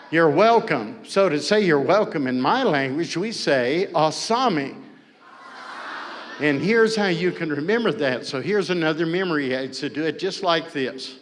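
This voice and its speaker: A man's voice: fairly high pitch, fairly bright tone, a little hiss or hum. A man teaching words to children call-and-response style, coaxing and playful, often repeating his instructions. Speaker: language teacher at a powwow. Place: large indoor hall. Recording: long hall reverb, faint ambience.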